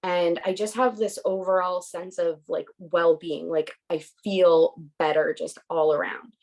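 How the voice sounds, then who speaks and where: A woman's voice: lowish voice, little pitch movement, a little slow, a little mellow, low-quality recording. A woman giving a casual, emphatic testimonial on a group call. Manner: casual and emphatic, with many fillers.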